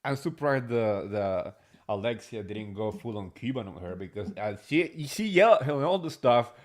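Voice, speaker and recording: A man's voice: on the low side, lively intonation, normal speed. Agreeable male podcast host. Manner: agreeable, short backchannels, some restarts. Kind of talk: casual gossip chat.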